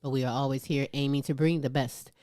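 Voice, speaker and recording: A woman's voice: rumbling low, steady tone, dark tone, dry recording. Playful woman co-host, dry close sound. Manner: playful, drawn-out endearments, laughs often. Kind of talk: casual show hosting.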